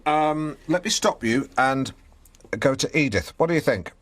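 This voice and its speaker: A man's voice: fairly high pitch, unhurried, a bit bright. Pompous stammering male radio host. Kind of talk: comedic radio show chat. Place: radio studio.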